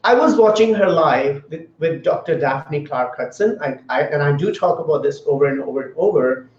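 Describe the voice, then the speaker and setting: A man's voice: on the high side, expressive, moderate pace. A man hosting a motivational livestream, talking earnestly, repeating himself and greeting viewers by name. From grew up in another country. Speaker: livestream host. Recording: echoey room, dull lo-fi sound.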